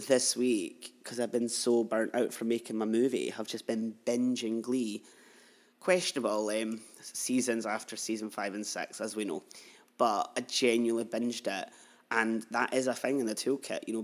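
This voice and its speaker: A man in his thirties hosting a podcast, telling a personal story in a chatty, heartfelt way, full of asides. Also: fairly low pitch. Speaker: podcast host.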